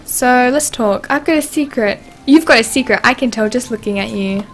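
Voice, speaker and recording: A woman's voice: fairly high pitch, moderate pace, faint music behind. A woman hosting a casual gameplay livestream, chatting and giggling as she reads game dialogue aloud. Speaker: livestream host.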